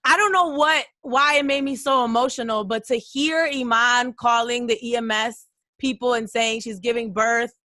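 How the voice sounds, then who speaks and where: A woman radio host with a bright, raised voice, expressive and responsive, laughing easily with her guest. The sound is dry and close. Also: a little high, normal speed, no room sound. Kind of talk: casual interview.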